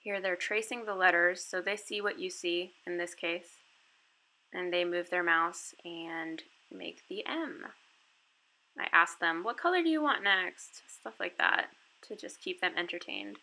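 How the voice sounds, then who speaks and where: Bright, slightly creaky woman explaining. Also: lowish voice, unhurried, poor audio. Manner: chatty, explaining step by step with casual fillers. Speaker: online English teacher. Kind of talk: casual screen walkthrough tutorial.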